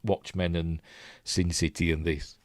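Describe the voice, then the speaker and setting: The voice is low-pitched, level in tone and measured, in a dry recording. It belongs to a Yorkshire man hosting a casual film breakdown who reads live chat and rambles chattily, frequently losing his place.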